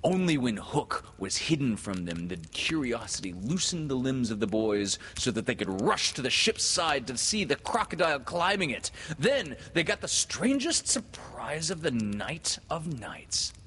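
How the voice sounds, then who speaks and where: A man reading a classic children's story aloud in a slow, hushed, dramatic manner, then thanking listeners. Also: medium pitch, big pitch swings, a little hiss or hum.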